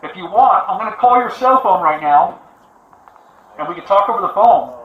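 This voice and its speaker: A man working as a police negotiator, calmly and steadily appealing to someone to come out and talk. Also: high-pitched, normal speed, phone-quality sound. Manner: steady, coaxing, repetitive appeals. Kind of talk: calm crisis negotiation. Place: outdoors on a street. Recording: echoey, from far off.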